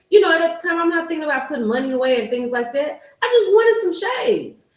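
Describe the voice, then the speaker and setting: A woman in her forties hosts a casual gossip livestream, chatting and telling stories directly to her viewers. Her high voice swings widely in pitch and moves fast with few pauses, and the recording has a roomy echo.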